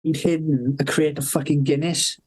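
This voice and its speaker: A man with a fairly high, flat voice, slightly mellow and husky, tells rambling anecdotes at a moderate pace as a podcast guest, and the audio quality is poor. He swears constantly, breaks into laughter, and acts out the voices of people he quotes in this casual storytelling.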